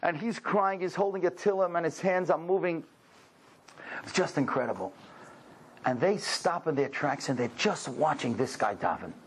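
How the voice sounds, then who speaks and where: A man's voice: fairly high pitch, normal speed, slightly rough, low-quality recording. A man giving a storytelling talk to a congregation, exclaiming and asking rhetorical questions. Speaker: religious speaker.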